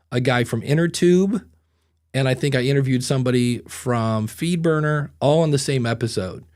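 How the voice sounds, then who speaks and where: A man hosting a podcast in casual chat, animated and given to silly voices. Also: mid-range voice. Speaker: podcast host.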